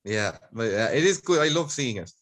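A young man with an Irish accent hosts a casual podcast, telling stories in an animated, blunt way full of swearing. His pitch sits in the ordinary middle range. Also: moderate pace. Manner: animated storyteller, swears freely. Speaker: podcast host. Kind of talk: casual chat.

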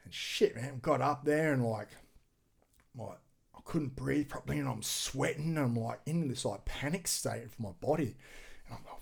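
A man, a podcast guest and extreme sports athlete, telling a story in a casual, animated way, acting out quoted voices and swearing freely. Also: medium pitch, normal speed, gravelly, husky.

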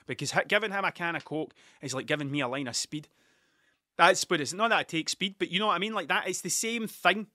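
A Scottish vlogger in his thirties tells stories casually and ramblingly, swearing often, drifting off topic and cutting himself off. His voice is fairly high and quick, with a sharp tone. The recording is dry and of studio quality.

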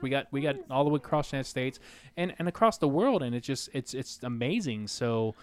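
A man's voice: mid-range voice, animated, quick pace. A man from Oklahoma with a drawl, co-hosting a casual podcast with crude, easygoing jokes. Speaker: podcast co-host.

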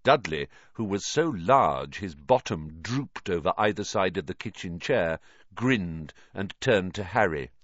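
A man reading a children's novel aloud as an audiobook narrator, with an expressive storytelling delivery. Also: low-pitched, measured pace, no echo, highs cut off. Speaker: audiobook reader.

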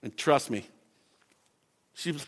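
Impassioned bright-voiced male pastor preaching. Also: slow pace. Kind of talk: sermon.

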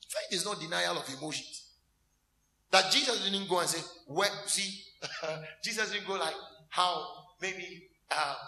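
A man's voice: high voice, reverberant. A man preaching a sermon as a minister, asking the congregation questions and acting out scenes with laughter and mock crying. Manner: animated, asks the congregation call-and-response questions.

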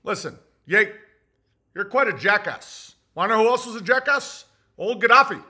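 A man's voice: high-pitched, animated, moderate pace, pushed and bright, exaggerated voice. Man doing a sly matter-of-fact presidential impression. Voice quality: matter-of-fact, musical cadence. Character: impression of a former male president, older, sly. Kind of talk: crude parody monologue.

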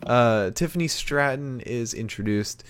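A man's voice: medium pitch, measured pace, clean tone. A man hosting a podcast, casually recapping a show with loose, rambling speech. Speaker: podcast host recapping wrestling. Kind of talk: casual chat.

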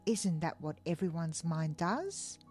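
Cheeky restless monkey, curious, lowish voice, read by a woman. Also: expressive, a little slow, a little mellow, faint music behind.

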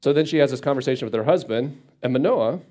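A man's voice: mid-range voice, fast talker, dark tone. A man teaching a Bible passage casually, reading verses and retelling them in everyday speech. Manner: conversational, paraphrases scripture in everyday speech.

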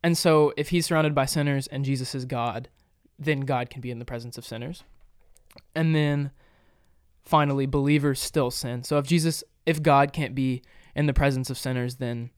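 A man talks through scripture in an earnest, explanatory way on a casual podcast. His voice is smooth and clear. The recording is dry and close, with no room sound. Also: medium pitch, fairly even intonation, normal speed, dry recording. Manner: earnest, explanatory, with frequent fillers. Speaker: podcast co-host. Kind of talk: casual Bible discussion.

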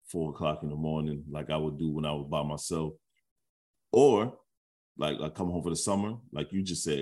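A man's voice: very deep voice, darkish tone. A man co-hosting a podcast in casual chat, talking in a laid-back, slangy way. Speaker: podcast co-host.

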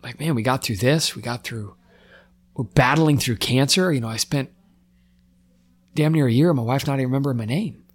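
A man's voice: mid-range voice, normal speed, pauses often. A middle-aged firefighter speaks in a mid-range voice, sharing a painful story on a podcast. He talks with raw emotion, pushing his voice up when the feeling builds and letting it sink to almost nothing afterward. He restarts his sentences and repeats words as he searches for them. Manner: raw and emotional, voice climbing when worked up, then trailing off quietly. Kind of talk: personal storytelling in a podcast interview.

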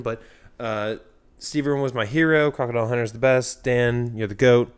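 A man's voice: mid-range voice, fairly even intonation, normal speed, clean tone. Profane, rambling podcast host man. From Pennsylvania, USA. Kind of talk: casual podcast chat.

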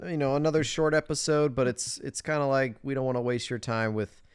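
A man's voice: medium pitch, fairly quick, clean tone, dry recording, studio quality. A man co-hosting a casual movie podcast, blunt and exclamatory, who swears freely. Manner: blunt, exclamatory, swears, finishes partner's jokes. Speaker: podcast co-host.

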